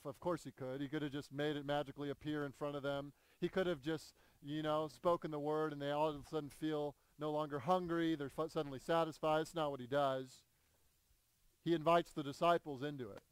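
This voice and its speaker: A man in the pulpit delivers a conversational sermon, his somewhat high voice smooth and resonant. The sound is dry and close. He swings between hushed asides and bursts of excitement, repeating words as he builds. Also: no room sound. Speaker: pastor.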